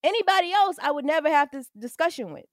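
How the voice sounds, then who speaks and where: A woman co-hosting a podcast in casual chat, laughing often and talking in loud bursts. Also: high-pitched, lively intonation, quick pace, dry recording, studio quality. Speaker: podcast co-host.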